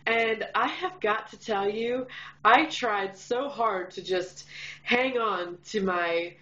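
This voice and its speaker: A woman's voice: mid-range voice, slow pace, fairly bright tone, lo-fi sound. A young woman from Kansas with a Midwestern accent and a slight Southern twang, chatting casually to camera in a vlog, bubbly and full of fillers. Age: young adult. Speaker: vlogger. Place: room lit by a window.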